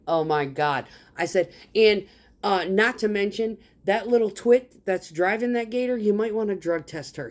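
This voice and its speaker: A woman telling a work story as a casual rant, blunt and full of swearing, acting out the lines of the people she deals with. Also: mid-range voice. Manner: acts out others' lines in quoted dialogue. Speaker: concrete truck driver.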